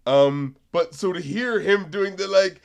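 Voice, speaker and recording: A man co-hosting a casual podcast review chat, animated, laughing often and swearing freely. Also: high voice, measured pace, vocal fry. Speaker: podcast co-host.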